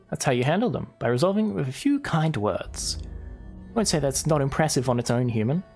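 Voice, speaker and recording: A man's voice: medium pitch, very animated, moderate pace, faint music behind. A male game streamer reading game text aloud with wry asides during live gameplay commentary.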